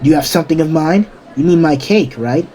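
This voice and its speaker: A man voicing a brash, angry teenage boy who snarls insults and yells. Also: a little high, fairly quick, pitched above the performer's own voice, natural voice. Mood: taunting.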